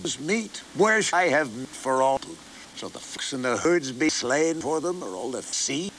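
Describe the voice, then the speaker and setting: A fervent aged prophet exhorts his people in a lifted, pleading voice, as a man reads him in a storybook Bible telling. The pitch climbs high and swings widely. He sounds earnest and weighed down by leadership. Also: a bit bright, slight background noise, rough recording. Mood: lamenting.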